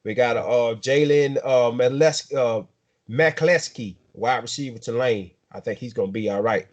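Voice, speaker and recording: A man's voice: medium pitch, unhurried. South georgia accent, man, sports podcast host, casual chat, dull lo-fi audio. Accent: Southern American, South Georgia. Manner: drawling, repeats and restarts words, hypes players.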